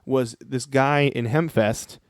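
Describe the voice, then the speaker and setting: A man's voice: mid-range voice, fairly even intonation, slow pace, dry recording, studio quality. A young man co-hosting a podcast, chatting casually and joking as he reads out news stories. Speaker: podcast co-host. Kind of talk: casual chat.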